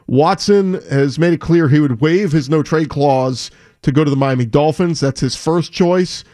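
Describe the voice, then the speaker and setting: A man's voice: a little high, normal speed, dark tone. A man co-hosting a sports talk show, reading a report and talking through player options. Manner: conversational, reads reports then lists players. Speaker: sports talk radio co-host.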